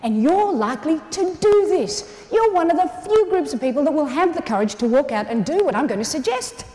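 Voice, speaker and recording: Australian woman, comedic keynote speaker, lively high voice, echoey hall with long reverb. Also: fairly quick. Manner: animated, playful, acts out quoted voices. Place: large conference hall. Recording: echoey hall, faint ambience.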